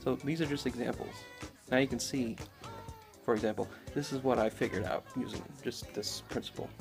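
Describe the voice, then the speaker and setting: A man's voice: mid-range voice, brisk, vocal fry, over music. A man giving a casual, rambling spoken lecture, talking loosely with lots of fillers. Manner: rambling, conversational, many fillers. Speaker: esoteric lecturer.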